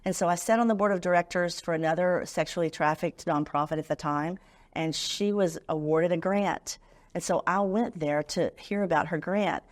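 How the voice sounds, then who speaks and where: A woman's voice: fairly low pitch, normal speed. A middle-aged woman, a nonprofit founder telling her story as a guest on a talk show and acting out the voices she quotes.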